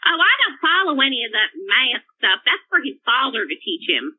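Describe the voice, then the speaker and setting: A performer voicing an irate mother calling into a comedy show, shrill and indignant, ranting nonstop. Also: big pitch swings, fairly quick. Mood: scornful. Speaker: caller. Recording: tinny phone line.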